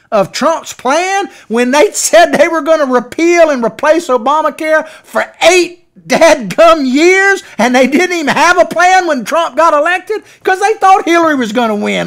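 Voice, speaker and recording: Guy hosting a political talk show, folksy and sarcastic, voice high and swinging all over. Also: gravelly, a bit bright. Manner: folksy, sarcastic, mocking impressions. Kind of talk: opinionated political commentary.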